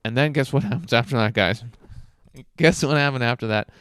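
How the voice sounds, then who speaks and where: A man's voice: medium pitch, fairly quick, fairly bright tone, smooth, no room sound, studio quality. A man telling candid, self-mocking dating stories in a casual monologue, swearing and using lots of fillers.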